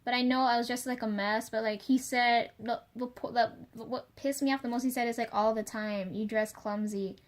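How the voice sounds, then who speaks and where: Talking straight to camera, a young woman vlogger delivers a loose, rambling confessional rant in a fairly high voice. She swears freely, leans on fillers, and restarts her thoughts, keeping a level tone and a brisk pace with few pauses.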